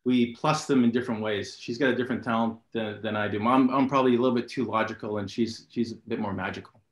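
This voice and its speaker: A man's voice: medium pitch, steady tone, fast. Joking male guest in a roomy echo. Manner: joking, self-deprecating. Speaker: guest, art director. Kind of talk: casual interview.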